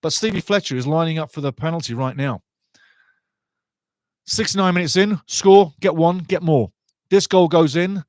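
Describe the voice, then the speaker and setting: Man, fan watch-along commentator, high-ish voice, dry close sound, excitable, chatty. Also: normal speed, long pauses, dry recording. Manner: passionate, chatty, talks to viewers, shouts at goals. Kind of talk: excitable live match commentary.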